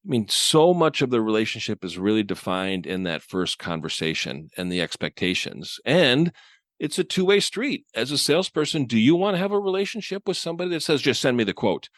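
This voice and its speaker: Man, mid pitch, podcast co-host, animated, chuckles, dry sound. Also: fairly quick, dry recording. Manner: animated, chuckles often, voices imagined dialogue. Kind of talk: casual podcast discussion.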